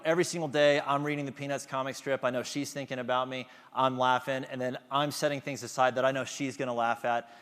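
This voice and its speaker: A man's voice: medium pitch, fairly bright tone, big-room sound. A man giving a motivational talk to an audience, engaging them with questions. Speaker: conference speaker.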